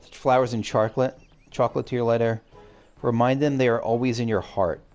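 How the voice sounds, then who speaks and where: A man's voice: mid-range voice, fairly even intonation, a little fast, darkish tone, faint music behind, natural voice. A man reading as a chirpy little moogle courier. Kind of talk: reading game dialogue aloud.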